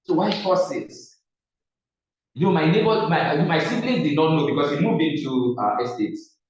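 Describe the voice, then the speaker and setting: A man's voice: fairly high pitch, normal speed, slight background noise. A man with a Nigerian English accent teaching public speaking to a live class. He talks emphatically, repeats phrases and quizzes the audience. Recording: echoey, distant, dull room recording.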